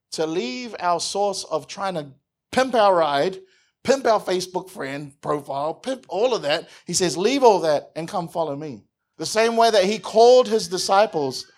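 A man with a New Zealand accent preaching a lively sermon, acting out scenes and rising to shouts. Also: a little high. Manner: animated, acts out bits with shouted voices. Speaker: pastor.

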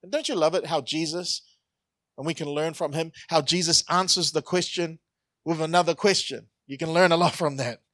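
A man's voice: fairly high pitch, steady tone, moderate pace, a bit bright, no room sound. A man preaching a conversational sermon, joking and asking the congregation questions. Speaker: pastor.

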